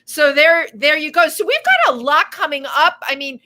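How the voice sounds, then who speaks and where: A woman from the Bronx, co-hosting a casual talk show, animated and quick to jump in. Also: high voice. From the Bronx, New York. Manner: animated, quick, exclaiming, interrupts playfully. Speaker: co-host. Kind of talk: casual chat.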